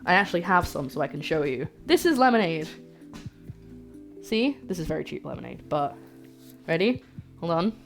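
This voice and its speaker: Young woman cooking live on stream, lowish gravelly voice, chatty and easily amazed, guitar music playing behind. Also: normal speed, pauses often. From United Kingdom. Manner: chatty, reads out recipe steps and answers chat with excited disbelief. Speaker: cooking livestreamer. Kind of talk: casual livestream chat while cooking. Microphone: streaming microphone.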